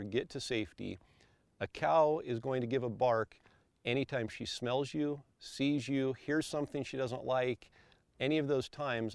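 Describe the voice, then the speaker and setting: A man calmly explaining elk calls step by step, as an instructor. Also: mid-range voice, vocal fry, dry recording. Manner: calm, methodical, explains step by step.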